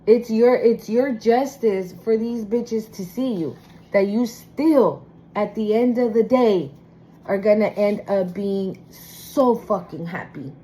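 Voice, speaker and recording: A woman's voice: mid-range voice, slow, warm tone, rough recording. A woman giving a casual spoken tarot reading, talking bluntly and emphatically with plenty of swearing. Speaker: tarot reader.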